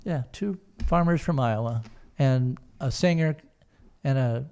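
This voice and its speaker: A man's voice: medium pitch, unhurried, a little mellow, smooth. An older man telling a long personal story in an interview, rambling with many fillers and restarts. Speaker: guest, son of the founders.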